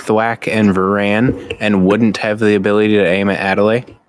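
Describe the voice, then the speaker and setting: Male player, low, calm, faint noise. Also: moderate pace. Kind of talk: casual tabletop play.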